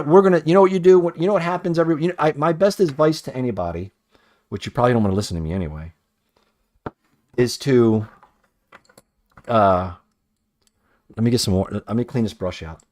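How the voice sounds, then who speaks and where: A toy customizer paints a toy in a cluttered workroom, rambling casually, swearing often, and muttering criticism of his own work. His voice is medium-pitched and darkish, animated and a little fast, with frequent pauses.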